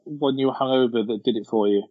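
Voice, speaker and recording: A man with a husky voice hosts a casual chat about films, steering the talk and laughing often. The sound is dry and a little dull. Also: medium pitch, fast talker, no room sound. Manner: laughs often, leads the categories. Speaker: podcast host.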